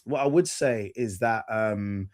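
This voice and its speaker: A man's voice: lowish voice, a little slow. A man chatting casually on a film review panel, talkative and enthusiastic, often restarting his sentences. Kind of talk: casual chat.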